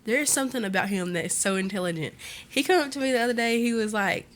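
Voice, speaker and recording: A woman's voice: fairly high pitch, fast talker, fairly bright tone, a little hiss or hum. A woman co-hosting a casual livestream chat, talking in a playful, joking way. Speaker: co-host.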